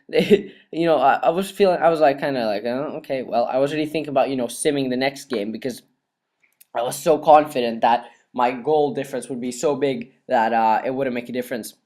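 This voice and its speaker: Young guy commentating his soccer game, hoarse cracky voice, laughs a lot, swears when excited. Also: medium pitch, normal speed. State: dry, cracking voice. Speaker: gaming YouTuber. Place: cold room at home.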